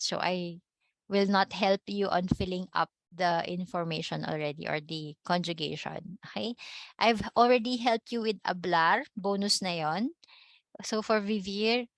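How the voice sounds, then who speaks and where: A Filipino-accented woman teaches a class, taking each point slowly and stopping often to ask if everyone follows. Her voice is close and dry, with no room sound around it. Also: on the low side, vocal fry, a bit bright, dry recording. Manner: patient, checks understanding with frequent tag questions. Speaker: language teacher. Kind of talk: classroom lecture.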